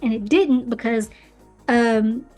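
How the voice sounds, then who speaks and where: A woman hosting her own book podcast, talking in a chatty, opinionated way and tossing in playful asides as she recaps the story. Her voice sits a little high. Soft music plays faintly underneath. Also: slow pace. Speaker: podcast host reviewing books. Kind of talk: casual commentary. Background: faint background music.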